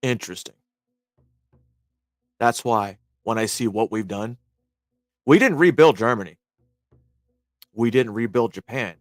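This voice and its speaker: A man's voice: mid-range voice, unhurried, pauses often, no room sound, studio quality, soft background music. A man, an army veteran, tells his training stories in a blunt, profane and casual way, acting out what people said. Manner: blunt, swears freely, acts out quoted reactions. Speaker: army veteran reacting to a clip.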